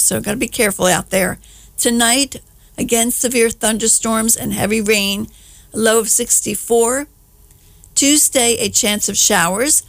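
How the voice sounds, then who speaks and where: A woman's voice: medium pitch, creaky, no room sound. A woman hosting a local radio show, chatting casually as she reads the weather and contact details. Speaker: radio host.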